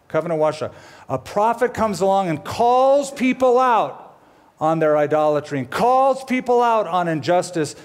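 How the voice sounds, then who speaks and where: A middle-aged man preaching a sermon, telling a story with lively, animated delivery and acting out quoted characters. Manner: animated storytelling, voices quoted characters with big pitch swings. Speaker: pastor.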